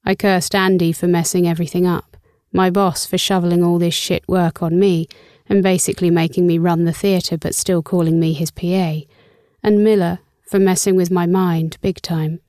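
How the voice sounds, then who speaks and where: A young woman with a lowish, mellow voice reads a first-person story with wry, sarcastic bite and casual swearing. The recording is dry and close on a studio mic, with no room sound. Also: level tone, normal speed, dry recording. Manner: wry, sarcastic and freely profane. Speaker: audiobook narrator.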